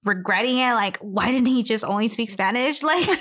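A woman in casual chat with a friend, telling an anecdote in a lively way and acting out the voices of the people in it. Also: fairly high pitch, moderate pace. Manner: animated storyteller, acts out voices in anecdotes. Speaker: co-host.

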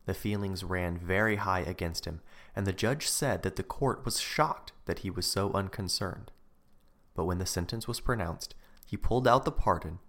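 Deep-voiced man reading a sermon. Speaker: preacher. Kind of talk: read sermon.

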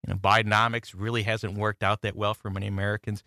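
A male guest on talk radio gives political commentary in a measured, knowing way. His tone is bright and his voice sits in the middle for a man. The sound is dry and close. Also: on the low side, flat delivery, dry recording.

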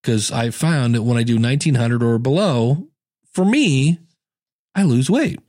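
A man's voice: medium pitch, animated, unhurried, mellow, no echo, clean studio sound. A middle-aged man hosting a casual solo podcast, chatty and self-deprecating, acting out his own thoughts in little voices. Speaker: podcast host.

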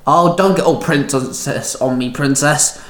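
A man's voice: mid-range voice, measured pace, fairly bright tone, close to an everyday voice. A man voicing a moody, blunt young half-vampire who growls and barks his lines, in an echoey room. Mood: irritable. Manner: growling, barking delivery.

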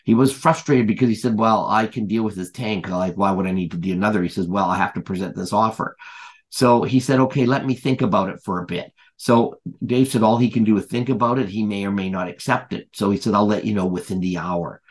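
A man's voice: fairly low pitch, fairly quick. A man who is a podcast guest, telling a long story in casual chat, rambling with many fillers and restarts and retelling what people said.

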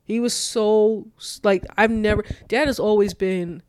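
A young woman tells a story from her own life in a relaxed conversation. She talks in loose, animated bursts, scatters "like" everywhere and slips into the voices of the people she quotes. The sound is dry and close, with no room behind her. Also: medium pitch, unhurried, smooth, dry recording. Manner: animated, acts out both sides of quoted dialogue, frequent "like". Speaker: guest telling a personal story. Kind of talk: casual storytelling.

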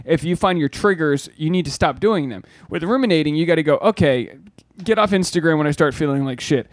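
A man co-hosting a relaxed podcast, with a voice a bit higher than most men. He rambles through his stories and swears freely. The sound is close and dry, with no room echo. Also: brisk. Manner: rambling, profane storytelling. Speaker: podcast co-host. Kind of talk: casual podcast chat.

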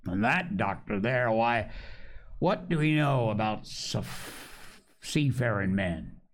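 A man's voice: lowish voice, lively intonation, slow. A man voicing an ailing old male sea captain who craves rum, speaking in a coarse sailor's dialect with pleading and cursing. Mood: blustering.

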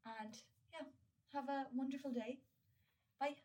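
A woman's voice: high-pitched, fairly even intonation, measured pace, warm tone, distant mic. Candid young woman, slightly off-mic. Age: young adult. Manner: candid and earnest, swears freely, many fillers. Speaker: podcast host. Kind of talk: casual solo podcast monologue.

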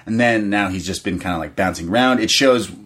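A man's voice: fairly low pitch, fairly bright tone. A man co-hosting a podcast, chatting casually about wrestling and agreeing readily with his partner. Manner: chatty, agreeable, quick back-and-forth. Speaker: podcast co-host.

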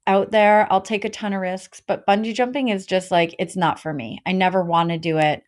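A woman's voice: mid-range voice, fairly quick. A woman in her thirties co-hosting a podcast, telling stories with energy in casual chat, with lots of "like"s. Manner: energetic, storytelling, many "like"s. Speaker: podcast co-host.

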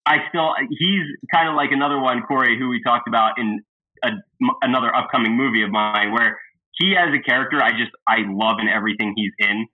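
Excitable man on a tinny line. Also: mid-range voice, fairly quick. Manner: excitable, laughing at scenes he retells. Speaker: podcast host. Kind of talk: casual movie review chat. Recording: thin phone-like sound.

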